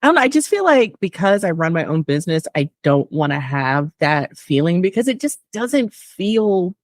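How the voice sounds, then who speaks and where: A woman's voice: fairly low pitch, moderate pace, no room sound, clean studio sound. A woman guest in a casual chat who tells stories with lots of laughter and mimics other people's voices. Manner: animated storyteller, mimics voices, laughs often. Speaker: guest, tarot business owner.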